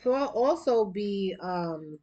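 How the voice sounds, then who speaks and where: A woman's voice: medium pitch, lively intonation, dark tone, lo-fi sound, faint music behind. A woman giving a casual spiritual card reading, chatty and rambling, and a little out of breath. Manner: chatty, rambling, quick bursts of laughter. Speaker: tarot card reader.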